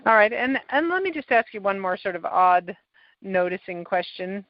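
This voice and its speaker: Calm woman coaching a tapping session. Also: medium pitch, normal speed, no echo. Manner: calm, coaching, gives step-by-step prompts. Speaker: tapping practitioner and podcast host. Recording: dull, lo-fi sound.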